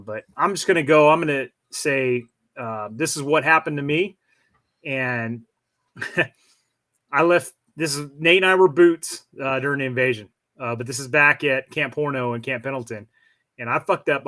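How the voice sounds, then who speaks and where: Man in his 40s, fairly bright voice, talks plain and frank, lots of uh and restarts. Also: medium pitch. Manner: measured, frank, with frequent restarts and fillers. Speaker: stream guest. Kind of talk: casual storytelling.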